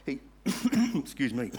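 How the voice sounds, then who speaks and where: A man preaching a sermon, making earnest appeals to the congregation and reading scripture aloud slowly. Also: medium pitch, a little mellow, slightly rough. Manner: earnest, rising to emphatic appeals.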